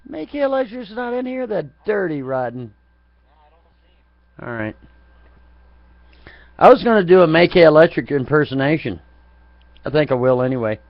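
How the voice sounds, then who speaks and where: A man's voice: a little high, vocal fry, dry recording. A man rambles through a live chat broadcast, cursing freely and taunting people by name. His talk is crude and mocking. The sound is dull and lo-fi, dry with no room around it.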